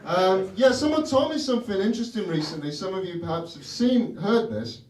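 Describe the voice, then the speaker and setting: A man's voice: sits high, lively intonation, a little fast, a little mellow, a little hiss or hum. A young British man doing a stand-up comedy set, teasing the audience with wry rhetorical questions. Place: comedy club stage. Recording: roomy club from a distance with audience laughter.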